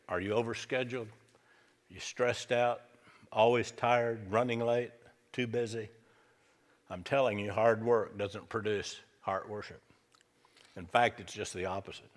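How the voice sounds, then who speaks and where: A man's voice: on the low side, unhurried, pauses often. A male pastor preaching a sermon, emphatic and repeating his key lines for effect. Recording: reverberant church hall.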